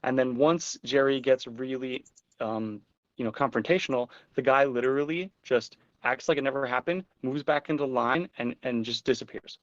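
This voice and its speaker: A man hosting a casual chat show, telling stories with animated energy and some casual swearing. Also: medium pitch, normal speed, no echo, highs cut off. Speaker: podcast host.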